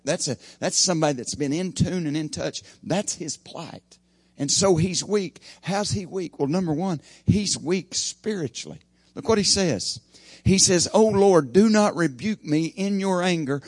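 A man preaching an evening sermon, his voice swinging from loud emphasis to hushed asides. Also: on the high side, husky, no echo.

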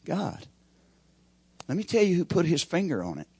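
A male preacher delivers a sermon. His voice is husky, and he keeps checking in with the congregation through rhetorical questions. He swings between loud emphatic builds and quiet, low asides. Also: huge pitch swings, normal speed. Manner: call-and-response preaching, rising and falling emphasis.

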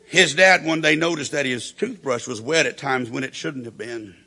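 Man, preacher, sermon, storytelling, acts out quotes, husky, tense tone. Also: medium pitch, pushed and bright.

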